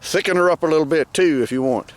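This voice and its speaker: A man's voice: on the high side, fast. A man, a farmer talking casually outdoors in a pasture into a handheld camera, folksy and rambling with wry humor. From Southern Maryland, United States. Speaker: farmer vlogger. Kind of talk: casual walk-and-talk narration.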